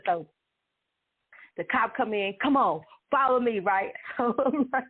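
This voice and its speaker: A woman tells a story in an animated, casual way. She laughs often and her exclamations are dramatic. Her voice sits fairly high and sounds thin and phone-like. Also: slow pace, pauses often. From Dallas, Texas.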